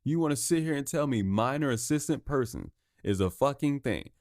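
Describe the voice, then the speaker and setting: A man's voice: mid-range voice, expressive, a little fast, darkish tone, no room sound. Male podcast host, solo rant: heated, swears a lot, trips over words, dry close sound. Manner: heated, profane, stumbles and repeats himself.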